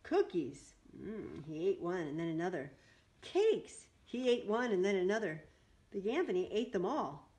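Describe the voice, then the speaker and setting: A woman reading a children's picture book aloud, animated and adding chatty asides. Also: lowish voice, moderate pace.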